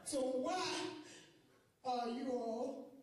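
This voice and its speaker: A woman's voice: sits high, drawn-out words, mellow. A woman giving an emotional public statement, pleading, her voice breaking with emotion, recorded outdoors. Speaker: accused school board member. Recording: echoey, from far off.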